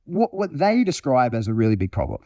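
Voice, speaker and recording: Brief: animated, foul-mouthed male dog trainer, mellow voice, dry close sound. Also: medium pitch, a little fast, no room sound. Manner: animated, profane, acts out scenes. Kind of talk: casual conversational explanation.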